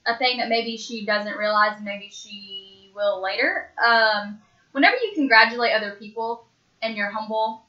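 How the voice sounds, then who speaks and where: A woman's voice: a little high, moderate pace. A young woman guest in a casual podcast chat, emphatic and slangy, swearing freely. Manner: emphatic, swears freely, says "like" and "dude" a lot. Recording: echoey dull lo-fi room.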